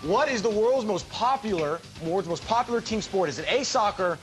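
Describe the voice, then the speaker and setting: A man hosting a TV game show in a studio with a live audience, joking quickly with contestants. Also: high-pitched, expressive. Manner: quick, playful banter with contestants.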